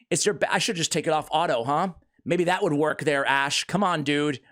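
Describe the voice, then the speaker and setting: Excitable man commentating a game. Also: on the high side, a little fast, few pauses. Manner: excitable, jokey, self-mocking. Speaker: gaming video host.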